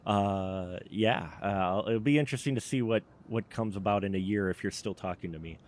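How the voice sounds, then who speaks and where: A man's voice: fairly low pitch, moderate pace, no room sound. A man hosting a casual live-stream chat, loose and chatty, laughing often. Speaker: podcast host.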